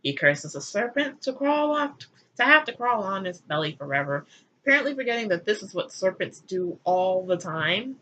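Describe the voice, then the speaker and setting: Sarcastic comic reader, woman; bright, bouncy delivery, lo-fi. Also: mid-range voice, big pitch swings, normal speed, a little hiss or hum. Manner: sarcastic, irreverent, crude. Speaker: channel host. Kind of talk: comedic read-aloud retelling.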